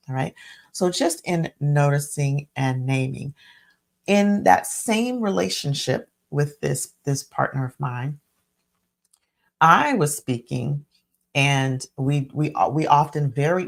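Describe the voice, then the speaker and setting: Woman host, low-pitched and a bit gravelly, reflective and self-correcting, live solo talk. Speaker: coach and podcast host.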